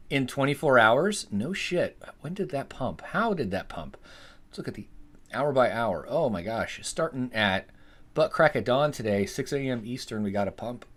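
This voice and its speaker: A man's voice: medium pitch, fairly bright tone. A man hosting a live stream, rambling casually, swearing freely and answering his chat. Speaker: livestream host.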